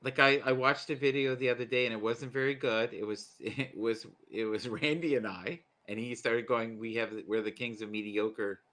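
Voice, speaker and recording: A man chatting casually on a group livestream, his voice bright and forward. He tells stories with animation and breaks into laughter often. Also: mid-range voice, fairly even intonation, normal speed, hardly any pauses.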